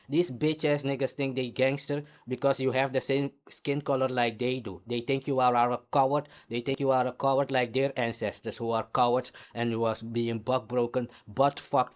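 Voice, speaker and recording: A man's voice: mid-range voice, fairly even intonation, moderate pace. A man hosting a heated, combative commentary rant, swearing throughout. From Caribbean. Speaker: host.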